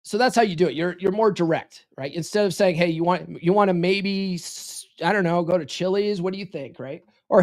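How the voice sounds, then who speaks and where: A man's voice: high voice, moderate pace. Confident man coaching on a live stream. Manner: confident, casual, keeps adding "right?" and laughing. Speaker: relationship coach.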